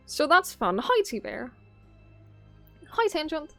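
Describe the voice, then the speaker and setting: Speaking slowly and pausing often, a young Norwegian woman from the south of the country chats casually with her stream viewers, rambling and laughing frequently. Her high, fairly bright voice swings widely in pitch. The recording is dry, with faint music in the background.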